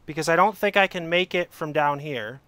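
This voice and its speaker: High, bright-voiced young man raging at a game. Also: brisk, clean tone, no room sound. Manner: exasperated, swearing, yelling at the game. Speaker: gamer playing a climbing game. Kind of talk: let's play commentary.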